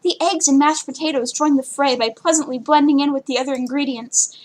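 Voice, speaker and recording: A woman's voice: high-pitched, steady tone, fairly quick, darkish tone, lightly acted. A woman reading the lines of a poor young male student, describing food in a flowery, overdramatic way. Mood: savoring.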